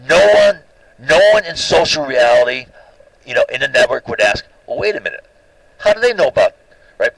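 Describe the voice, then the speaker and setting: A man with a gravelly, bright voice whose pitch swings all over as he rambles through a suspicious personal story. He keeps checking in with his listener with "right?" The recording is dry and close. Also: no echo, poor audio. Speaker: lecturer. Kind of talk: monologue telling a personal story.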